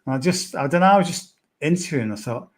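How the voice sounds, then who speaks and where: A man's voice: fairly high pitch, expressive, rapid-fire. A man chatting casually as a golf betting pundit on a podcast, rambling and hesitant, with plenty of "sort of" and "yeah".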